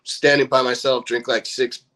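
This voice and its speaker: A man's voice: mid-range voice, normal speed. A young man from California in a band, casually telling a story full of swearing and acted-out quotes. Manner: profane, animated storyteller acting out quotes. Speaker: band member.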